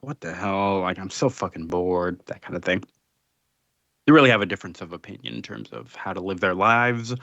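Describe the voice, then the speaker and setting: A man's voice: mid-range voice, fairly bright tone, dry recording. Male podcast co-host, casual recapper, dry muffled sound. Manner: recaps plot with many fillers. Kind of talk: casual comics discussion.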